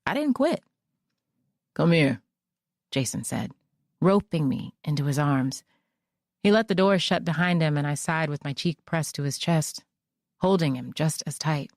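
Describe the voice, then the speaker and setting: A woman narrating a mystery audiobook in the first person, with measured storytelling. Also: low-pitched, lively intonation, darkish tone, no room sound, clean studio sound.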